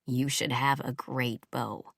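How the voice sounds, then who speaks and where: Woman doing a soft-spoken male professor. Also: fairly even intonation, takes it slowly, vocal fry, husky, no room sound, clean studio sound, heavily acted. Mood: gentle, persuasive. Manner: soft, low, insistent. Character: adult male music professor, calm and persuasive. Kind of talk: audiobook character voice.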